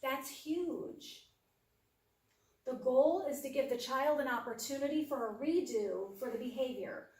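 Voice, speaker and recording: A woman's voice: high voice, measured pace, a little mellow. A woman giving a practical parenting workshop who now and then acts out what a parent would say to a child. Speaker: workshop presenter. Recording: echoey room, speaker far from mic.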